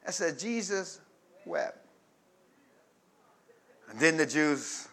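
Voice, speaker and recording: High, bright-voiced man preaching. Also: sing-song, very slow, long pauses. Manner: rising to shouts, call-and-response asides. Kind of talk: sermon.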